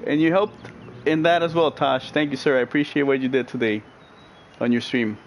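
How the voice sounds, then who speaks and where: A man's voice: mid-range voice, brisk, low-quality recording. A middle-aged man streaming a racing game live, chatting casually, reading viewer comments aloud and laughing often. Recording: racing game car noise loud behind voice.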